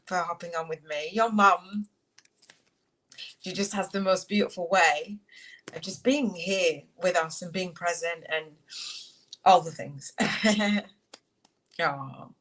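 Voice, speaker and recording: A woman with a slightly low voice hosts a casual livestream. She reads an oracle card aloud and chats with her viewers in an affectionate, emotional way, calling them darling and beautiful. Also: a bit bright, low-quality recording. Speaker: podcast host on a livestream.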